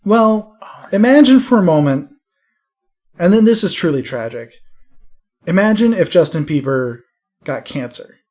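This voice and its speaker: A man's voice: on the high side, darkish tone. A man co-hosting a podcast in casual chat, setting up jokes with mock seriousness. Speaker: podcast co-host.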